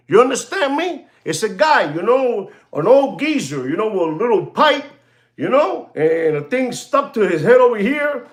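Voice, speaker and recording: Animated, sarcastic man. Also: high-pitched. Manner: sarcastic, repetitive, switches into Spanish. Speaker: watchmaker and show host. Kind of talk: ranting monologue.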